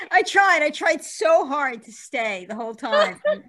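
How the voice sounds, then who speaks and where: A woman's voice: high-pitched, fairly bright tone. A woman hosting an interview over a video call, a lawyer who chats easily, laughs, and explains at length. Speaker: host and lawyer. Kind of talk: casual interview.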